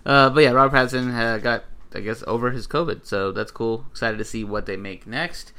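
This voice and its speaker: A man's voice: mid-range voice, fairly quick, clear, resonant tone. An American man in casual podcast chat, joking and laughing with friends. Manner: animated, joking, bursts of laughter. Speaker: podcast co-host.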